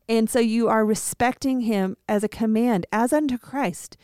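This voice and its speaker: Smooth-voiced woman acting out quotes. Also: fairly high pitch, normal speed, hardly any pauses, no room sound, studio quality. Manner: animated, acts out quoted voices. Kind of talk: casual faith-based chat.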